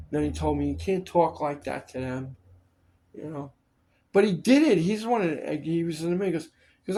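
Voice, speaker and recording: A man recounts stories in a relaxed chat with a slightly high voice. He is animated, switching into other people's voices as he quotes them, and drops swear words freely. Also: a little fast, creaky, slight background noise. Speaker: storyteller recalling film work. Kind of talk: casual chat.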